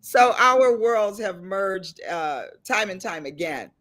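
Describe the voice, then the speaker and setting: A middle-aged woman hosting a casual chat and telling stories with animated delivery. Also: medium pitch, slow pace. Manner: lively storyteller, animated and laughing. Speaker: host. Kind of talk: casual chat on a video call panel.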